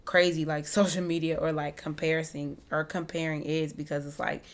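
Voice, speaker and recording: A woman co-hosting a casual chat, relaxed and reflective. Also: deep voice, brisk. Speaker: podcast co-host.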